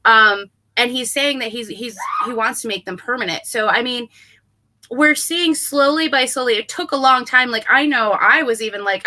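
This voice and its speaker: Woman cohost chatting politics, kinda high voice, real bright tone, earnest. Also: normal speed, slight background noise. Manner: earnest, hopeful, repeats "right?". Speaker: co-host. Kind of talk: casual political chat.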